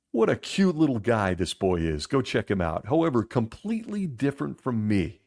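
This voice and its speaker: A man's voice: mid-range voice, very animated, moderate pace, few pauses, a little mellow. Blunt, emotional man hosting a commentary. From former Jehovah's Witness upbringing. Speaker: commentary show host. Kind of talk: critical video commentary.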